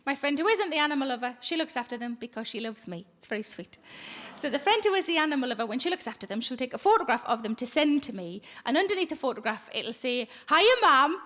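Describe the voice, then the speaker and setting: A woman's voice: high voice, noisy background. A woman comedian, telling blunt, sweary stories in a live stand-up set. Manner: blunt, sweary, conversational storytelling. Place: theatre stage, live audience.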